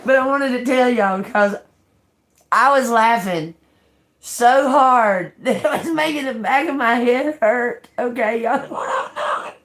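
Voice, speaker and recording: A woman's voice: on the high side, a little slow, fairly bright tone. A woman tarot reader chatting casually to her viewers, laughing through her words, cursing freely and calling them y'all.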